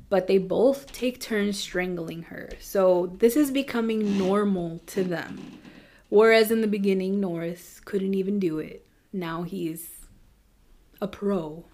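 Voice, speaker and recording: A woman hosting a podcast, telling a true crime case in a casual, chatty way with quick asides. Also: mid-range voice, a little mellow. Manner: chatty, fast asides with nervous laughs. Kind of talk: casual storytelling.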